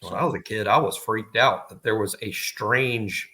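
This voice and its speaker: A man's voice: lowish voice, normal speed, creaky, pushed and bright, a little hiss or hum. A man co-hosting a sports podcast, chiming in with amused interjections. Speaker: podcast co-host. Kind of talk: casual sports podcast chat.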